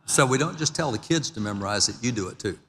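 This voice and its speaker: A man's voice: medium pitch, lively intonation, fast talker, a bit bright, slight background noise. An older man giving an emphatic lecture-style speech at a gala, walking through slides and reading quotes aloud. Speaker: historical speaker at a gala. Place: large event hall. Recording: hall reverb from event PA.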